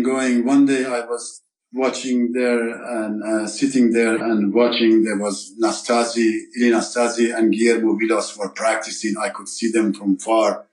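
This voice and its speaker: A man recounts his past as an interview guest, pausing often, restarting his sentences and reaching for the right words. His voice sits at an ordinary middle pitch. The recording has a noticeable roomy echo around him. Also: a little mellow. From Iran. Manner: halting, searching for words, many fillers and restarts. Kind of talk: storytelling interview.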